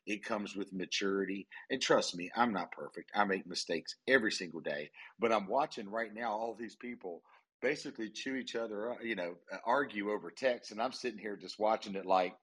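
Low husky guy, bright edge, relaxed investor telling stories. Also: fairly quick. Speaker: investor, guest. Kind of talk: casual panel discussion.

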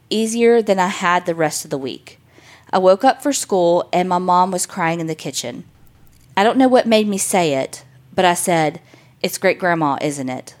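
A woman co-hosting a podcast, reading listener ghost stories aloud and then chatting casually, swearing freely and acting out reactions. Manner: swears casually, acts out reactions with big pitch jumps. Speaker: podcast co-host.

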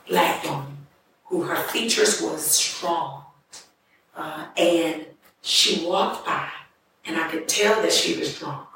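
A woman's voice: lowish voice, fairly bright tone, slight background noise. Woman giving an earnest personal testimony. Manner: earnest, conversational, emotional retelling. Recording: distant mic in echoey room.

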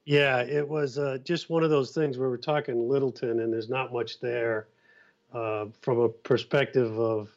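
A man who co-hosts a TV series, telling stories in a relaxed way with "you know" and "uh" fillers. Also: mid-range voice, measured pace, creaky. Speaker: TV series co-host. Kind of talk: casual chat. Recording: slightly dull, lo-fi sound.

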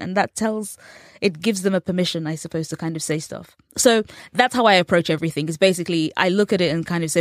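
A woman's voice: fairly low pitch, fast talker, hardly any pauses, no room sound, studio quality. An English woman in her thirties, a journalist telling stories in a casual interview and acting out the voices she quotes. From England. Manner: animated storyteller, acts out quoted voices. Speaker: guest, journalist.

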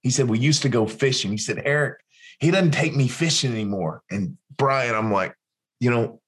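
A man's voice: mid-range voice, moderate pace. A man, a former interrogator telling a story in an interview, acting out what other people said. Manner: animated, acts out other people's lines. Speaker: guest, former military interrogator.

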